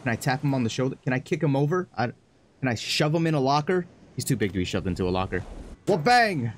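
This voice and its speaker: A man streaming a horror game, joking, excitable and laughing often. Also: mid-range voice, fast talker, slight background noise. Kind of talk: horror game let's play commentary.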